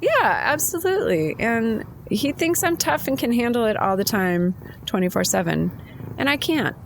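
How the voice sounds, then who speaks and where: A woman's voice: on the high side, very animated, normal speed, gravelly, a little hiss or hum. A woman co-hosting a podcast, telling a personal story in casual, chatty conversation. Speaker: podcast co-host. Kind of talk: casual chat.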